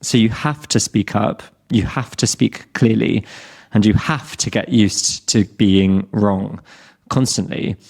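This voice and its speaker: A British man in his thirties speaks in a low voice as the host of an English-learning podcast. His talk is scripted but candid, with self-deprecating humour and steady encouragement for learners. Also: takes it slowly, creaky.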